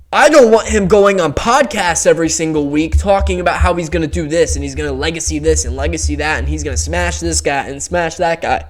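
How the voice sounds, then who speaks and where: A man's voice: a little high, expressive, normal speed. A young man ranting about fighters in a heated, profane, exasperated way, as casual commentary. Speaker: MMA commentary YouTuber.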